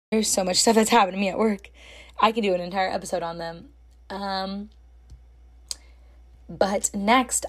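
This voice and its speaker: A young woman telling a story in a casual, chatty way, full of fillers and animated when she quotes people. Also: mid-range voice. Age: young adult. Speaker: storytime host.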